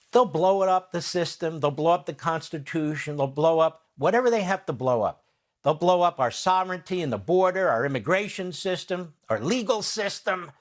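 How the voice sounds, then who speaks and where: A man delivering a combative political commentary monologue as a host, firing off rhetorical questions and answering them himself, with sarcastic asides mimicking his opponents. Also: on the high side.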